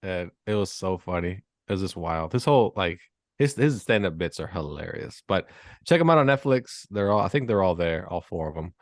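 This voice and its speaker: A man hosting a casual podcast with a low voice, keeping it loose and joking. The sound is dry and close. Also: animated, moderate pace, no echo. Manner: loose, joking, laughs easily. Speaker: podcast host. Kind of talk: casual chat.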